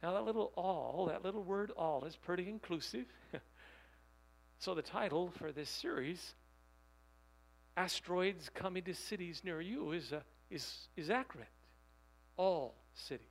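A man preaching a sermon, reading quotations slowly and putting rhetorical questions to his listeners. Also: high-pitched, lively intonation, gravelly, rough recording. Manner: emphatic, rhetorical questions to the audience; reads quotations aloud slowly.

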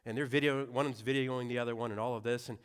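A man's voice: medium pitch, steady tone, very fast, clear, resonant tone. A young adult man preaching a sermon in a conversational way, with asides and rhetorical questions. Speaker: pastor.

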